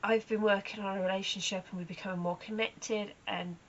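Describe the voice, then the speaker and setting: Woman, horse owner, casual vlog chat, animated storyteller, middle pitch. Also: brisk, dull audio, a little hiss or hum. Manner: chatty, animated storytelling with acted asides.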